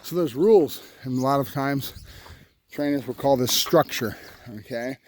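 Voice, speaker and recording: A man's voice: medium pitch, moderate pace, slight background noise. A man who trains dogs, talking casually while he walks his puppy through a morning routine and gives it short firm commands. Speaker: dog trainer. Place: home and yard, moving between in and out of doors.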